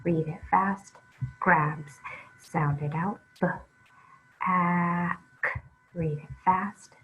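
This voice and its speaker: A woman's voice: lowish voice, steady tone, extremely slow, fairly bright tone, a little hiss or hum, poor audio. A woman teaching a phonics lesson to young children, sounding out letters one at a time and praising the listener. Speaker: reading teacher.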